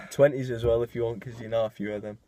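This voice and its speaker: A man's voice: medium pitch, brisk, vocal fry, a little mellow. A man interviewing a guest in casual chat, teasing him with questions and laughing often.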